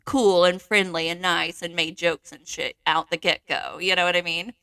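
A woman's voice: lowish voice, steady tone, normal speed, pushed and bright, no room sound. A young woman co-hosting a podcast, telling a funny work story in a chatty, laughing way full of fillers and slang. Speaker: podcast co-host. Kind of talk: casual chat, storytelling.

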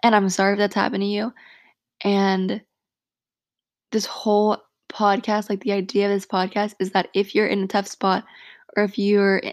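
A woman's voice: mid-range voice, monotone, normal speed, no room sound, studio quality. A young woman hosting a solo podcast, talking frankly and from the heart, swearing freely and saying "like" a lot. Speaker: podcast host. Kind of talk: casual solo podcast monologue.

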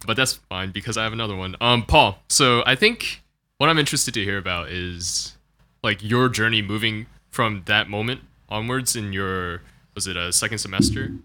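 A man's voice: lowish voice, normal speed, pushed and bright. A young man interviewing a friend about faith, asking long rambling questions full of "like". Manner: rambling questions with many "like" fillers and laughs. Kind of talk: casual conversation about faith.

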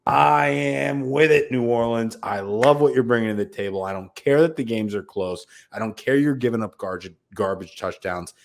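A man's voice: medium pitch, normal speed, creaky, hardly any pauses. A man co-hosting a sports betting podcast, talking in a brash, profane, hyped-up way. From United States. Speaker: podcast co-host. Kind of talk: casual sports betting chat.

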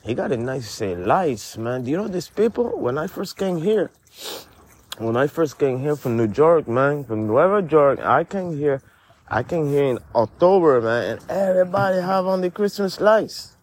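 A man's voice: on the high side, sing-song, normal speed. A man playing a pushy, rambling DJ with a Spanish accent, who teases his friend and ends every phrase with "man" in an improvised comedy podcast sketch. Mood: teasing. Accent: Spanish-accented English. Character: brash, pushy male DJ who says "man" constantly.

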